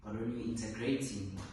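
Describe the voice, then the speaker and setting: Joking young man, noisy echo. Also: mid-range voice. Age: young adult. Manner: joking, deliberate casual talk. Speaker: medical student vlogger. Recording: echoey room, distant mic, background noise.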